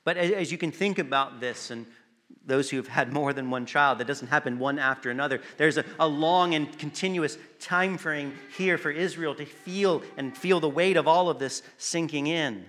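A man preaching a sermon, earnest and emphatic, pausing to stress words and sometimes restarting a phrase. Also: a little high, a bit bright, faint music behind.

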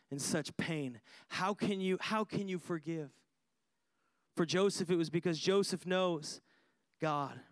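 Male pastor, sermon, high voice, smooth and clear, emphatic, repeats lines, asks the audience questions. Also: no echo.

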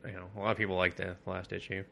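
Low but sharp-toned guy chatting comics, swears a lot, trails off quiet. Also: very fast, gravelly, slight background noise. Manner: relaxed, profane, drops to mumbles. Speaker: podcast co-host. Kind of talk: casual chat.

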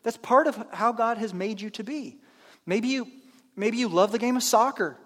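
Pastor, male, high voice, chatty sermon delivery, church with long reverb. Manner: conversational, acts out imagined churchgoers in quick asides. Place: church sanctuary.

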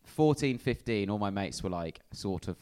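A young man from England chats as a comedian guest on a live podcast, telling stories with wry, self-deprecating humour. His voice sits fairly low, and his quieter asides tend to trail off. He talks loosely and conversationally. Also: animated, normal speed, clear, resonant tone. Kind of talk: casual live podcast chat. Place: live venue in front of an audience.

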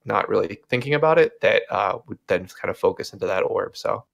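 A man's voice: on the low side, expressive, a little fast, vocal fry. A man in casual chat, rambling along with many fillers and hedges.

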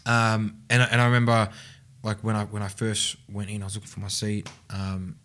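A man's voice: fairly low pitch, completely flat delivery, normal speed, a bit bright, slight background noise. A man telling his own story in a casual interview, rambling with many fillers and restarts and frequent laughs. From Australia. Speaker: podcast guest.

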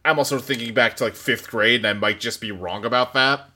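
A man's voice: medium pitch, fairly quick, sharp tone. A man co-hosting a podcast, chatting casually and thinking aloud with plenty of hedging. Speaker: podcast co-host. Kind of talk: casual chat.

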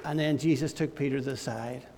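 A man leading a church service as pastor, telling a playful, animated story to children. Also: mid-range voice, a little fast, long reverb tail, background noise.

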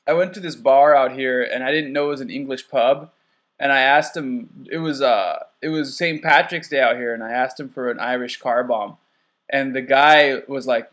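A man in casual conversation, talking in a halting, rambling way and swearing freely. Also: mid-range voice, fairly even intonation, a bit bright.

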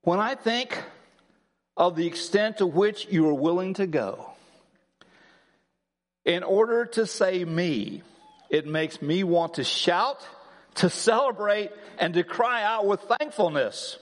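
A man preaching a Christmas sermon as pastor, swinging between emphatic, rising declarations and slow, soft reflection. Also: high-pitched, animated, long reverb tail. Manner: builds to emphatic, rising lines, then slows and softens. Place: church sanctuary.

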